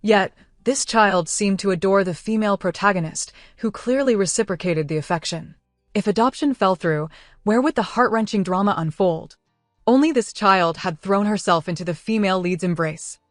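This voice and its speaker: A woman giving smooth, even scripted narration of a story. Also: medium pitch, moderate pace, no echo. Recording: dry close studio voice with faint music. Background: faint music.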